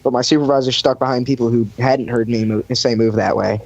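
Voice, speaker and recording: Fast, darkish and mid-range, with vocal fry, fairly even intonation and no room sound, a young man recounts his lifeguard job on a podcast. He's a rambling storyteller full of fillers who acts out quotes, and the casual chat comes through dry and dull in lo-fi.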